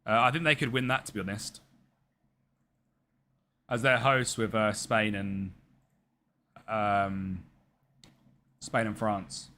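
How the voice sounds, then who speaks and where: A man's voice: fairly low pitch, steady tone, slow, long pauses, sharp tone. A young man chatting casually on a live stream, rambling and answering viewers by name as he plays. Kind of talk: casual live-stream chat while gaming.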